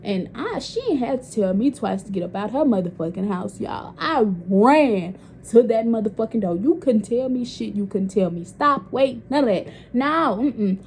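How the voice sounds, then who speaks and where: Brief: young woman vlogger, slightly high, mellow tone, frank and animated storytelling. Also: moderate pace, few pauses, a little hiss or hum. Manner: candid, profane, animated storytelling. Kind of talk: casual storytime vlog.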